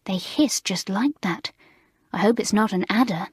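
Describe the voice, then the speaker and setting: A woman voicing a sensible, earnest teenage head girl who speaks reasonably and protests calmly. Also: mid-range voice, measured pace, slightly rough, dry recording.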